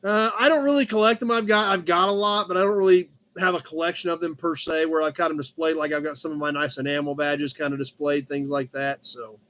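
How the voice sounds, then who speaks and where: A man's voice: on the high side, fairly even intonation, brisk, few pauses, a bit bright. A man hosting a casual live-stream auction of car badges, chatting about each piece and calling out the bids. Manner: chatty, talks to his cat between bids.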